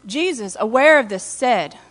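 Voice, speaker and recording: A woman pastor giving a conversational sermon, retelling scripture with lively asides in a church. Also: on the high side, unhurried, long reverb tail.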